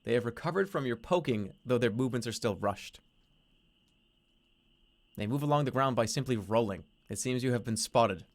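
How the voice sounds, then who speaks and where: A man's voice: medium pitch, animated, moderate pace, pauses often. A man streaming a text adventure, reading its narration aloud and breaking off into playful, swearing commentary. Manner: playful, swears casually, laughs at himself.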